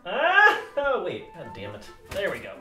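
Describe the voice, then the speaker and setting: A man's voice: high-pitched, wildly swooping pitch, unhurried, bright, forceful tone. A male YouTube host doing a comedic product review, swearing constantly, joking and laughing often. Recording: echoey room with faint music.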